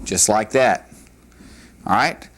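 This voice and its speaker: A man's voice: on the low side, takes it slowly, a bit bright. Patient man teaching at a board. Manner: patient, repeats key words, frequent "all right" and "uh". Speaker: Hebrew teacher. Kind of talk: classroom grammar lecture. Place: classroom with a board.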